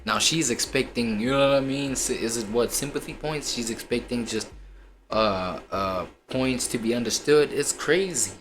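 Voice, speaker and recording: A man's voice: medium pitch, moderate pace, fairly bright tone, a little hiss or hum. A man co-hosting a stream, chatting casually in a slangy, rambling and incredulous way. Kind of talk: casual chat.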